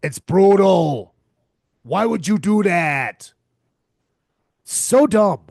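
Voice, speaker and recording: Male podcast host, profane exasperated ranter, slow drawl with a gravelly edge. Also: sits high, animated, darkish tone, dry recording, studio quality. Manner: profane, exasperated, repeats himself. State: tired and hungover. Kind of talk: crude comedic rant.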